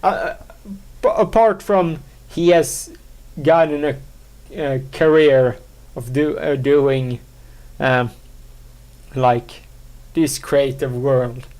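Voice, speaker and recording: Rambling man with a very slow delivery. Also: fairly high pitch, a little mellow. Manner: rambling, halting, many fillers and restarts; self-mocking. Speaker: podcast host. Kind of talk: solo podcast chat.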